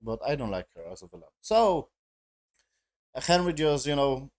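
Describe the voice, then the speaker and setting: A man talking through a show review in a loose, rambling way. He swears constantly and his sentences often break apart in broken grammar. His voice sits in an ordinary middle pitch. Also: very animated, moderate pace, darkish tone. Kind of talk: casual spoken review.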